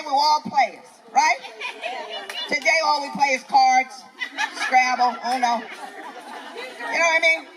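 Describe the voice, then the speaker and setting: On an outdoor festival stage, an older woman comedian with a New York accent performs a live stand-up set, ranting in a brash, profane, preachy way. Her voice is high-pitched, and the recording quality is low.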